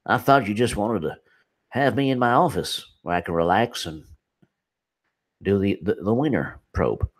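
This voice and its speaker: A man's voice: fairly low pitch, animated, moderate pace, long pauses. A man putting on a Southern US accent to play a lazy, drawling male official in a mocking impression.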